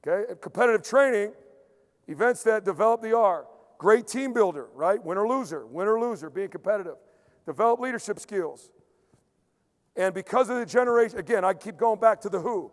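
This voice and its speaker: A high-pitched strength coach delivers an emphatic conference lecture, repeating his key points and slipping into quiet, acted-out asides. Long hall reverb colors the recording.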